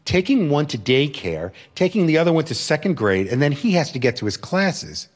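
A man's voice: fairly high pitch, very animated, moderate pace. A man voicing a worried working mother who pleads in an earnest way. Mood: pleading.

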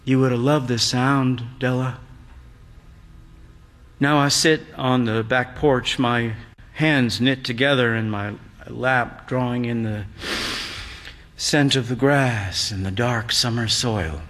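Slow, reflective older man narrating. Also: medium pitch, fairly bright tone. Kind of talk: literary story reading. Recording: long hall reverb.

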